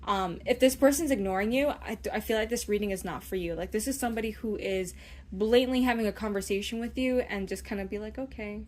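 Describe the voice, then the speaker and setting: A young woman talks through a casual tarot reading in a chatty, meandering way. She keeps checking in with the listener and slips into little voiced snippets of what someone might be thinking. Her voice sits at an ordinary middle pitch. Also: quick pace. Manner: chatty, rambling, often asks "okay?"; acts out imagined inner voices. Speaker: tarot reader.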